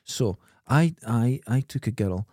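A Scottish man in casual podcast chat, swearing freely and teasing as he spins his stories. His voice sits at a middle pitch and sounds dry and close to the mic, with no room around it. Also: expressive, unhurried, darkish tone, dry recording. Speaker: podcast co-host.

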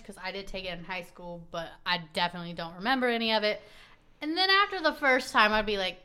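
A woman's voice: mid-range voice, fast talker, sharp tone, clear, resonant tone. A woman co-hosting a podcast, chatting casually about a dating show and acting out what people said. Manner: chatty, acts out quotes, laughs often. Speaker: podcast co-host.

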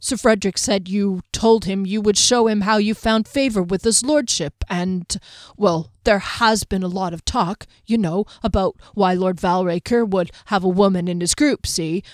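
A woman's voice: high-pitched, big pitch swings, fairly quick, hardly any pauses, a little mellow, no room sound, clean studio sound, voice pushed up. A woman voicing a flustered young male castle guard who stammers and hesitates. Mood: nervous.

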